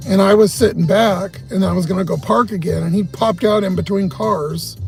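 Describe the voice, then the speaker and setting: In a casual storytelling rant over music, a man on a livestream tells a long, agitated tale full of heavy cursing. His gravelly voice sits high and moves at a moderate pace.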